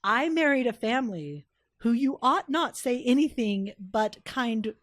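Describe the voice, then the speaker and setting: A woman co-hosting a casual podcast chat, an animated storyteller who laughs often. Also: a little high, measured pace, dry recording. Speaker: podcast co-host.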